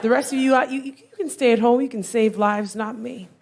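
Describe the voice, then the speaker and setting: A woman's voice: a little high, fairly even intonation, brisk, creaky. A woman comedian doing a brash, profane stand-up set on a comedy club stage with a handheld mic. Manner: brash, profane, punchy delivery. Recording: noisy live club recording.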